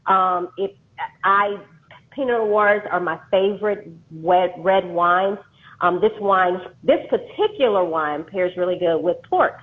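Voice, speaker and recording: A woman co-hosting a casual live-stream chat, animated and teasing, laughing often, on a video call. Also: fairly low pitch, measured pace. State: going through menopause. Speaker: co-host, life coach. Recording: tinny phone-line sound.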